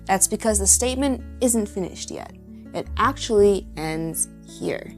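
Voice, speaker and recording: A woman teacher narrating a lesson with slow, clear explanations. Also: medium pitch, expressive, darkish tone. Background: faint guitar music.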